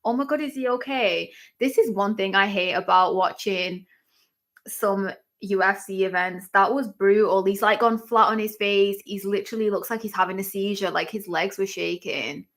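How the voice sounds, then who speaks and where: Chatty woman with a gravelly edge. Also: medium pitch, normal speed. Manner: excitable, exclamatory reactions; chatty, filler-heavy talk. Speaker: livestream host. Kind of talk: live fight-watching commentary.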